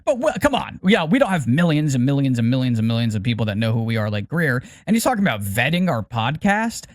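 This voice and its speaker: A man's voice: medium pitch, big pitch swings, fast, dry recording, clean studio sound. A middle-aged man co-hosting a podcast, speaking carefully and hesitantly, often repeating words as he picks them. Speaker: podcast co-host. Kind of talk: casual podcast chat.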